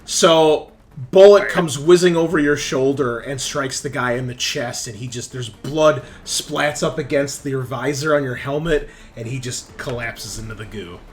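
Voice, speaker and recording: A man's voice: medium pitch, a little slow. A man running a tabletop role-playing game as game master, explaining rules patiently and narrating the action.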